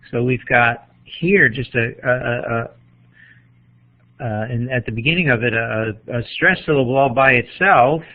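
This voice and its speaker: Slow, tinny-sounding male teacher. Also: mid-range voice. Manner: thinking aloud, marking up a text with a pen. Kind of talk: poetry lecture.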